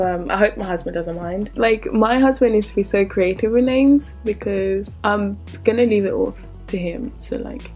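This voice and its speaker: In her twenties, this vlogger talks candidly in a casual Q&A vlog, often wandering into asides. Her voice is mid-range and a little mellow.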